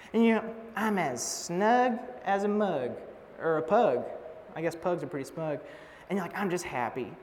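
A young man preaching a sermon in a casual, joking way, telling stories and teasing out a passage. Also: on the high side. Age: young adult. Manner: casual, joking, animated storytelling. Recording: long hall reverb.

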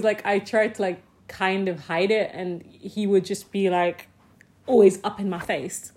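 Woman, mid-range voice, casual storytelling, animated and sweary, laughs through her lines. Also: mid-range voice, measured pace. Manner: animated, swears freely, many "like" fillers; often laughs mid-sentence.

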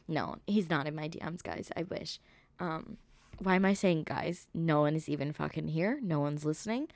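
A woman's voice: sits low, a little slow, no echo, clean studio sound. A young woman hosting a solo gossip podcast, rambling and sarcastic with constant swearing. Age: young adult. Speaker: podcast host.

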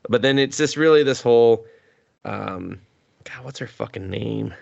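A man's voice: mid-range voice, unhurried, gravelly, highs cut off. A man co-hosting a casual anime review podcast, rambling, swearing and laughing between thoughts. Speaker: podcast co-host.

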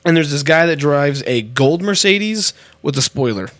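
A young man in casual chat, telling an animated story full of swearing. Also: a little high, normal speed. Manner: animated, swearing, laughing anecdote teller. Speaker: podcast co-host.

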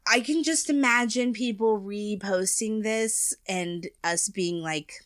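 A woman's voice: medium pitch, takes it slowly, fairly bright tone, no room sound, studio quality. A young woman with a Texan accent, co-hosting a podcast in casual, rambling chat full of fillers and giggles. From American South. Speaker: podcast co-host.

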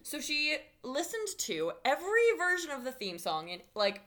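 Woman chatting, fairly high voice that jumps all over, laughy storyteller. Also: huge pitch swings, moderate pace, fairly bright tone. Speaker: storyteller in chat. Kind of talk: casual chat.

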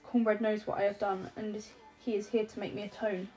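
A woman's voice: medium pitch, flat delivery, a little fast, warm tone, natural voice. A woman voicing a jittery, sarcastic young man who talks in exasperated, rambling, profane bursts.

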